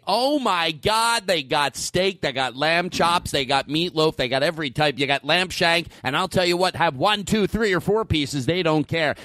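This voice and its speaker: A man's voice: fairly high pitch, sharp tone, no echo. A man doing a hyped radio buffet announcer. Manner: breathless hard-sell ad patter. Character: overexcited male radio ad announcer hyping a buffet.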